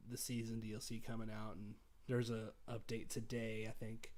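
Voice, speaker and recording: A man's voice: on the low side, completely flat delivery, moderate pace, a little mellow. A man hosting a casual podcast chat, laid-back and swearing now and then. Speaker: podcast host.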